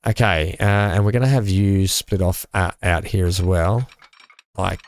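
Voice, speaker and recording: This streamer's voice is low-pitched with fairly even intonation, and he talks a little slowly as he builds in a game. He keeps up casual commentary, chatting with viewers and reading chat with lots of fillers.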